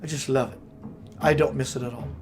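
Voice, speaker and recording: A man's voice: mid-range voice, fairly even intonation, a little fast, a little mellow, faint music behind. A man giving a meandering spiritual talk, musing aloud and searching for words as he goes. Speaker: spiritual teacher.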